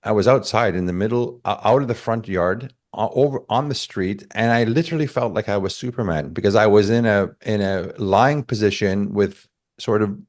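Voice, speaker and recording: A man telling a personal story in a casual chat, animated and acting out the quotes. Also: lowish voice, normal speed.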